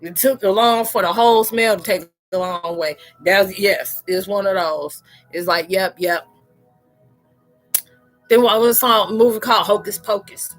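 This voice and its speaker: A young adult woman hosting a casual live-stream chat, telling animated stories and laughing often. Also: medium pitch, unhurried, soft background music. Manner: laughs often, tells animated stories, talks loosely and playfully.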